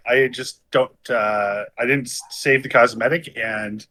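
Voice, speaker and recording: A man's voice: medium pitch, steady tone, unhurried, sharp tone, no echo. A man co-hosting a game podcast in casual chat, wry and teasing. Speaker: podcast co-host.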